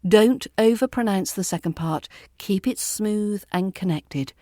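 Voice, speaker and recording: A woman with a British RP accent teaching pronunciation, calm and deliberate, modelling words slowly and repeating them. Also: mid-range voice, no echo, clean studio sound. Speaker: accent coach. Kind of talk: pronunciation lesson.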